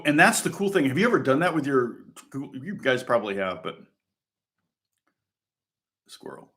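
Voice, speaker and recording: Man, middle-aged, from Indiana, guitar teacher, casual rambling lesson chat, frequent chuckles, medium pitch. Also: a bit bright. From Indiana, USA. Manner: rambling, chuckles often, many fillers and restarts.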